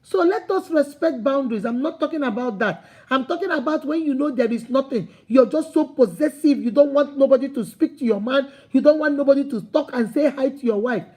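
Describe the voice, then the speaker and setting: Outspoken Nigerian woman host, high voice. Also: brisk, few pauses, dark tone. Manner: outspoken, scolding and humorous. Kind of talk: live-stream advice talk.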